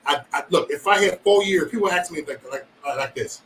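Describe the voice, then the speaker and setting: A man's voice: high-pitched, brisk, fairly bright tone, far from the mic, slight background noise, low-quality recording. A man hosting a livestream, chatting casually with viewers in profane, rambling banter and joking threats. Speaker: livestream host.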